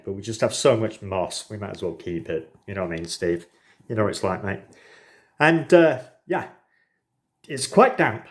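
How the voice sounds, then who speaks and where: Easygoing male hobbyist, low-ish voice, jokey show-and-tell. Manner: relaxed, jokey, matey. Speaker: isopod keeper.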